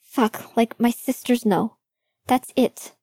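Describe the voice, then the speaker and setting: A woman reading an audiobook, voicing a nervous young man who talks in halting, rushed confessions. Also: on the high side, mellow, slightly rough, no room sound, full character voice. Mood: anxious.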